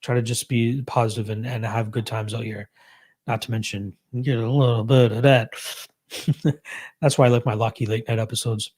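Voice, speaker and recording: A man's voice: on the low side, fairly even intonation, a little fast, a little mellow, husky. A young Canadian man hosting a casual live stream, reading chat and answering betting questions in a laid-back, chuckling way.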